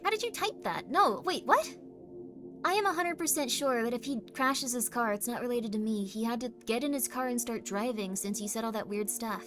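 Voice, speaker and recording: A woman hosting a casual livestream, chatting with viewers and reading their messages, teasing them playfully and at times pressing hard with loud, insistent demands. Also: a little high, fairly quick. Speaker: livestream host. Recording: stream with music playing underneath. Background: clear background music.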